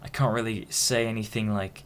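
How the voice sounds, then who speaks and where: Young guy from hull, lowish voice, rambling vlog rant, keeps restarting sentences. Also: steady tone, a bit bright. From Hull, England. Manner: frank, halting, many restarts. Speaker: vlogger. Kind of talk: casual rambling monologue.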